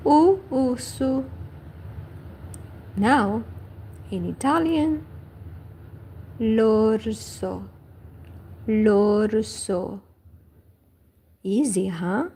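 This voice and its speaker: A woman teaching vocabulary on a livestream, saying each word twice slowly and carefully. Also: a little high, mellow, slightly rough, rough recording. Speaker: language teacher. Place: home livestream.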